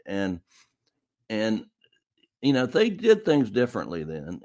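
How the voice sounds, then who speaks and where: Deep-voiced man telling stories. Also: darkish tone. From South Carolina. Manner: rambling, repeats words often. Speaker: defense lawyer guest. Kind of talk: casual storytelling.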